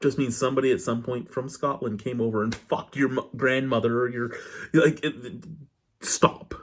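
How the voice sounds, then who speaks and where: A man's voice: medium pitch, fairly even intonation, brisk, slight background noise. A man reviewing a beer in a casual vlog, rambling off-topic, talking with his hands. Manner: rambling, digressive, candid.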